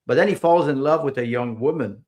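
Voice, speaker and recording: Speaking briskly in a darkish, mid-range voice, this podcast guest keeps the conversation casual. He hesitates, repeats words, and fills pauses often, with minor grammatical errors typical of someone speaking English as a second language.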